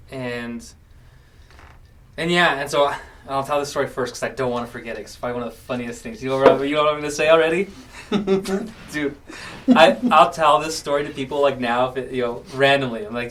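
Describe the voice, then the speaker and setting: Heard from far off the mic, a late-twenties man with a medium-pitched voice hosts a podcast at a fairly quick clip. His casual chat is full of animated storytelling, with quotes performed rather than simply repeated.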